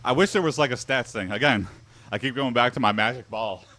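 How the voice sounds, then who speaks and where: A young man streams and chats casually, reacting to text-to-speech donations in a rambling, filler-heavy style with lots of "like." His medium-pitched voice is bright and forceful, and he talks a little fast.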